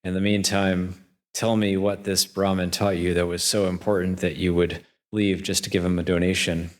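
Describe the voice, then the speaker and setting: A guy doing big man-eating ogre, low flat voice, pushy questions. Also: moderate pace, close to an everyday voice. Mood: calm. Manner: demanding, questioning. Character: man-eating male ogre bandit, huge and menacing.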